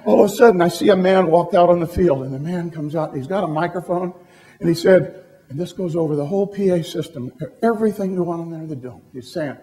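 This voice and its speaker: A man's voice: on the high side, fast. A middle-aged man telling a story to an audience as a motivational speaker, acting out the dialogue with lots of energy. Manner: animated, acts out dialogue in the story.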